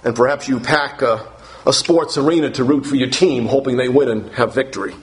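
A man's voice: medium pitch, brisk. A man preaching an expository sermon, emphatic, repeating key phrases with conversational asides.

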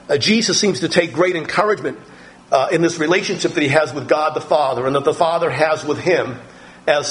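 A middle-aged pastor preaching a sermon, teaching from the Bible in a slow, deliberate way with pauses and fillers. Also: male voice, fairly high pitch, low-quality recording.

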